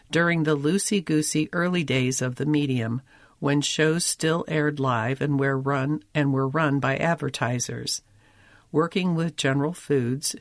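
A man's voice: on the high side, dry recording. Dry, close-miked male feature narrator. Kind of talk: scripted narration of a magazine feature.

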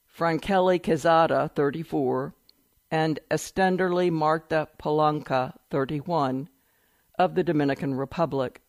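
A man reading a news report aloud in a steady, measured way, announcing each quotation with "quote". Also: a little high, dry recording. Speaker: article reader.

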